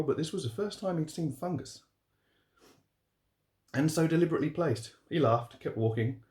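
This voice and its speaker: A man reading his own horror story aloud, steady and relaxed, with a few fillers. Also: mid-range voice. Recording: roomy echo.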